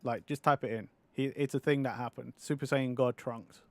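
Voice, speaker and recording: Laughing, animated male streamer. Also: mid-range voice, normal speed. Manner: animated, laughing, swearing, mocking others in put-on voices. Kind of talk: casual live-stream chat.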